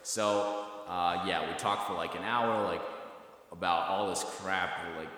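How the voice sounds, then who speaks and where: Deep-voiced young man, echoey room. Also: fairly even intonation, unhurried, bright, forceful tone. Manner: rambling, laughing storyteller, slips into quoted voices. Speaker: storyteller. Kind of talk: casual chat. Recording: echoey room with long reverb.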